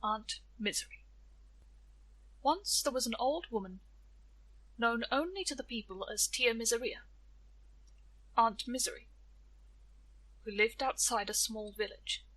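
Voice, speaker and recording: Woman storyteller, bright tone, expressive storybook delivery. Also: on the high side, unhurried, pauses often, poor audio. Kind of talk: storybook narration.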